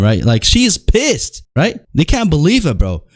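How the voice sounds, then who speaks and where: A man's voice: fairly high pitch, wildly swooping pitch, a little slow. Exasperated young man ranting. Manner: exasperated, slangy, repeats "bro". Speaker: wrestling commentary host. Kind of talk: casual ranting commentary.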